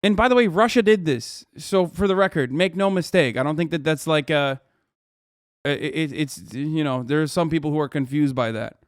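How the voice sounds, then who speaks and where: A man's voice: on the high side, moderate pace, no echo, studio quality. Profane, ranting male streamer. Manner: heated, rising to shouts. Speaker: streamer reacting to a news video. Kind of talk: livestream reaction commentary.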